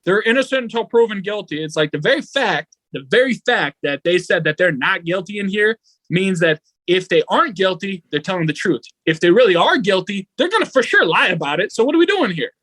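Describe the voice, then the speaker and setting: High-pitched man, laughing storyteller. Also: brisk, no room sound. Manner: laughing, animated storytelling with acted-out quotes. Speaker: podcast co-host. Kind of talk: casual podcast banter.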